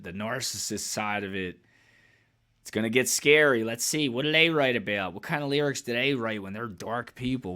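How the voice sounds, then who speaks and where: A man's voice: medium pitch, pushed and bright. A man hosting a reaction video, talking candidly and at length in a rambling, profane way and laughing often. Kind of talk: casual reaction commentary.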